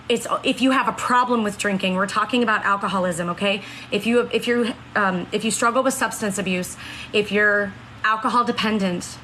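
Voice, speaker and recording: A woman's voice: fairly high pitch, sharp tone, slight background noise, low-quality recording. A woman in her late thirties chatting earnestly on a live stream, reading out and answering viewer comments. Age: 30s. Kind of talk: casual live-stream chat.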